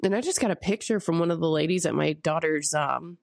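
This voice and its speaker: This is a woman with a lowish voice co-hosting a casual podcast. She tells stories with energy and a frank, swearing humor. Her voice sounds close and dry, with no room around it. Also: brisk, gravelly, no room sound. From St. Louis area. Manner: candid, swears freely, animated storytelling. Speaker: podcast co-host; parent of a young daughter. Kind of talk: casual chat.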